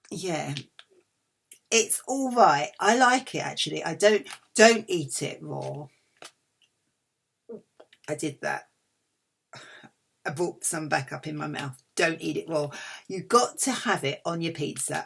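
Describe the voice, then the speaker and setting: A woman's voice: fairly low pitch, creaky, slightly rough. A middle-aged woman chatting casually through a food haul, cheeky and self-mocking. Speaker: vlogger.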